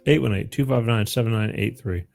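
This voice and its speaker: A man's voice: lowish voice, brisk, creaky, a little mellow, soft background music. A middle-aged man hosting a call-in show, chatting casually and rambling, with frequent laughs and repeats. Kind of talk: casual call-in radio chat.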